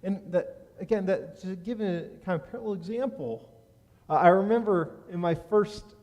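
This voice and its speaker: A rabbi preaches from the pulpit, his voice sitting a little high for a man. He tells a story from his own life with animated energy and gets loud at the big moments. Every word rings out through a large, reverberant sanctuary. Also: moderate pace. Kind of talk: sermon with personal anecdote. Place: synagogue sanctuary. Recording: long reverb of a large hall.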